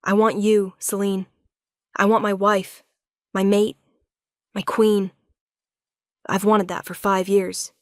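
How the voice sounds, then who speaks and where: A woman's voice: mid-range voice, little pitch movement, takes it slowly, pauses often, dry recording, studio quality, close to an everyday voice. A woman voicing a remorseful young male werewolf king who pleads earnestly with his wife. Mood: pleading.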